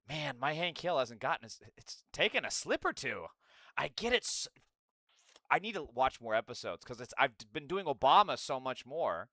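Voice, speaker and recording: A man's voice: medium pitch, sing-song, normal speed, sharp tone, no room sound, clean studio sound. Profane, sarcastic man streaming commentary. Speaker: livestream host. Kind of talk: political commentary livestream.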